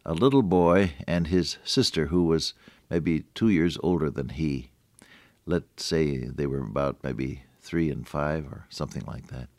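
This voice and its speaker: A man's voice: rumbling low, a little slow, darkish tone, no echo. An older man giving a folksy, conversational radio devotional sermon and chuckling at his own jokes. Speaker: radio preacher.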